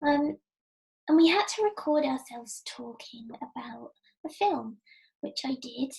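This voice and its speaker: High, gravelly woman telling her story softly. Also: rough recording. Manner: soft-spoken, often drops to breathy near-whisper, frequent ums. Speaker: speaker giving an inspirational talk. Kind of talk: personal storytelling talk.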